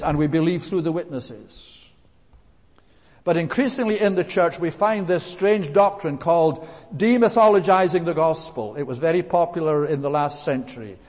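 A man preaching a sermon, emphatic, repeating phrases and slowing down to stress key words. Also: on the high side, darkish tone. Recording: long reverb of a large hall.

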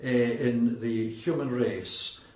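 A man preaching an expository sermon in a deliberate way, pausing often with filler sounds. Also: mid-range voice, a little mellow. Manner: deliberate, with frequent "uh" pauses. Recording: roomy echo.

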